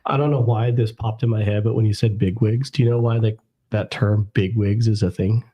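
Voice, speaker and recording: A man co-hosting a casual talk stream, explaining things in a measured way. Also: on the low side, fairly even intonation, lo-fi sound, a little hiss or hum. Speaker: podcast co-host. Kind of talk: casual chat.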